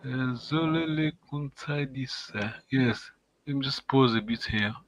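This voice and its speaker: A man teaching a language lesson online, patiently encouraging students and saying words slowly for them to repeat. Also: mid-range voice, slight background noise. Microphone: video call.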